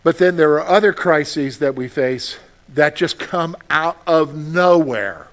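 A man's voice: fairly high pitch, animated, moderate pace. A man preaching a sermon as pastor, talking conversationally, repeating phrases and putting questions to the congregation.

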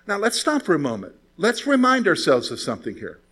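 Pastor preaching with rhetorical questions. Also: male voice, high-pitched, a little fast. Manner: conversational preaching with rhetorical questions, lively storytelling. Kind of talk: sermon.

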